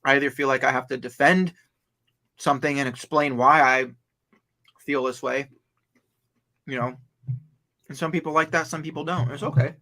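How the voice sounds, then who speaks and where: A man with a gravelly, bright edge to his voice chats on a casual livestream. He rambles earnestly, circling back to explain and defend his points rather than getting straight to them. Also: medium pitch, steady tone, normal speed, pauses often. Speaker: livestream co-host.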